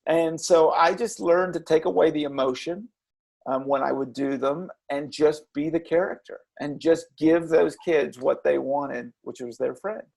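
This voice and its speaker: Male guest, reflective storyteller, a bit high, gravelly, earnest and halting. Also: steady tone, a little mellow. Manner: earnest, halting with repeated restarts. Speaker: interview guest, former children's character performer.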